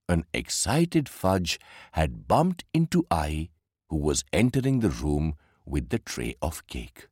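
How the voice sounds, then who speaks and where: A man narrating a children's story for an audiobook in an expressive storytelling manner. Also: very deep voice, slow, breathy edge, no room sound, clean studio sound.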